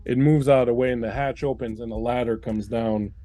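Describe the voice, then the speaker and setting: A man's voice: medium pitch, steady tone, brisk, warm tone, soft background music. A man narrating as game master in a tabletop game, rambling with many fillers. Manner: meandering, filler-heavy.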